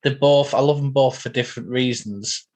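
A man's voice: medium pitch, normal speed, darkish tone. Enthusiastic, teasing man. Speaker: podcast co-host. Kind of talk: casual chat.

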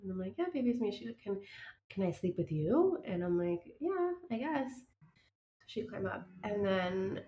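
A woman in her thirties co-hosting a podcast, chatty and quick to laugh and agree in casual talk. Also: mid-range voice, lively intonation, lo-fi sound. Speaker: podcast co-host. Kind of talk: casual chat. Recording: echoey room.

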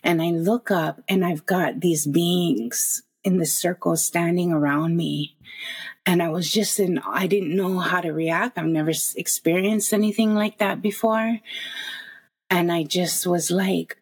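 Husky low-voiced woman in her forties. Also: fairly even intonation, a little slow. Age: 40s. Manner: earnest, emotional retelling with frequent restarts. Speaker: podcast guest. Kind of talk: personal storytelling.

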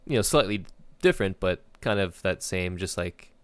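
A man's voice: deep voice, animated, normal speed, a bit bright, clear, resonant tone, no room sound. Laughing, rambling gaming podcast man. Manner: laughs often, loose and rambling. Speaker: podcast co-host. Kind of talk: casual gaming chat.

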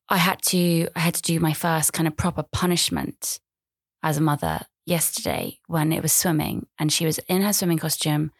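A woman's voice: lowish voice, creaky, no echo, studio quality. A woman in her thirties hosting a podcast, talking in a rambling, chatty, self-deprecating way. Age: 30s. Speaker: podcast host. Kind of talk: casual monologue.

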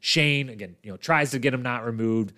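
A man hosting a casual recap monologue, telling the story with lots of fillers and acting out the people he quotes in livelier voices. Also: brisk. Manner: animated storytelling, acts out quoted people with jumps in pitch, many fillers. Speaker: podcast host recapping a reality show.

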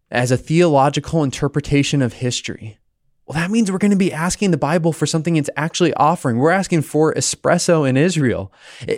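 A man from the United States hosts a podcast, teaching the Bible in a conversational manner and telling a personal story in an animated way with small restarts. His pitch is medium, and the audio is studio quality with no room sound.

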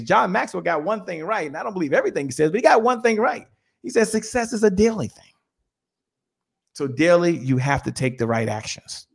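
A man's voice: sits high, big pitch swings, brisk, vocal fry, husky. A man giving a fired-up motivational talk on a podcast, preaching with chants and call-and-response. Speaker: guest speaker. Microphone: remote call.

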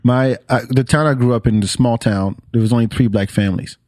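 Guy from senegal hosting a podcast, swears easy, relaxed chat, dry studio sound. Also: mid-range voice, brisk, no room sound. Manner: loose, profane banter. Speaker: podcast host.

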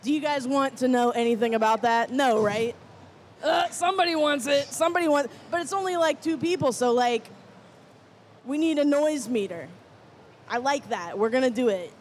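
A woman's voice: high-pitched, moderate pace, a little hiss or hum. A woman game master moderating a convention panel, playful and teasing, laughing often. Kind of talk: casual panel chat.

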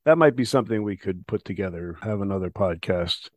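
A man on a podcast panel, thinking aloud as he pitches ideas. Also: animated, a little fast, no room sound. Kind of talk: casual chat.

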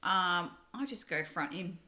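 A woman's voice: on the low side, expressive, unhurried, sharp tone. A woman co-hosting a podcast in casual chat, swearing freely and laughing as she talks. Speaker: podcast co-host.

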